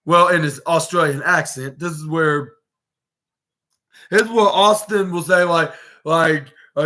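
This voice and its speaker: A man's voice: on the high side, a little slow, pauses often. A man hosting a podcast, rambling through a casual wrestling recap with lots of restarts and fillers, and acting out what the wrestlers said. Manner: animated, acts out quoted lines. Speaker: podcast host.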